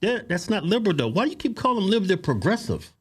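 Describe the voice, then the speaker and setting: A man co-hosting a comedic political talk show, teasing and correcting his co-host with loud bursts of laughter. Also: high voice, big pitch swings, rapid-fire, slight background noise.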